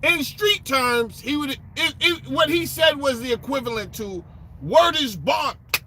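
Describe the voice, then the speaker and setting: A man rants in casual commentary with a very high, bright and sharp voice that leaps up and down. He talks profanely and sarcastically in street slang, wandering through restarts and asides. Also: animated, a little slow, a little hiss or hum. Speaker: political commentator.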